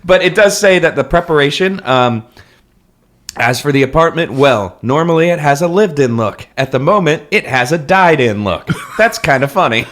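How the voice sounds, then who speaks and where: A man's voice: on the high side, lively intonation, normal speed, fairly bright tone. A man co-hosting a podcast, chatting casually in a wry, amused way and often laughing as he talks. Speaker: podcast co-host.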